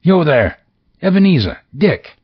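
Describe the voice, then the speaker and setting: A man voicing a jovial, fat old employer who calls out loudly and cheerfully. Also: on the high side, sing-song, measured pace, husky, lo-fi sound, voice pushed up, exaggerated voice. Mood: jovial, hearty. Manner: loud, hearty, cheerful shouting.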